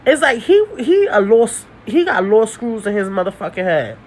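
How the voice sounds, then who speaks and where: A woman's voice: fairly high pitch, expressive, normal speed, hardly any pauses, darkish tone, rough recording. A young woman telling a story about her dating life in a casual vlog. She talks bluntly and animatedly, swears, and laughs often. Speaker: storytime vlogger.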